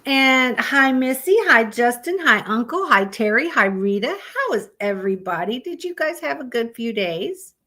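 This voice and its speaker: A woman's voice: fairly high pitch, expressive, normal speed, hardly any pauses, pushed and bright. A woman hosting a live stream, chatting casually with her viewers, greeting them by name and swearing freely.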